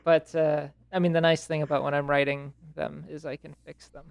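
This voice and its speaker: A man's voice: on the high side, little pitch movement, brisk, gravelly, no echo. A young man hosting a podcast in casual chat, rambling with frequent restarts and self-interruptions. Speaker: podcast host.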